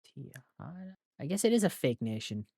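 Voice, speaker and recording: A man's voice: a little high, big pitch swings, normal speed, creaky, mellow, slightly rough, no echo, studio quality. Man retelling movie scenes on a podcast. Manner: retells scenes, often laughing, many fillers. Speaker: podcast co-host. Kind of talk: casual movie chat.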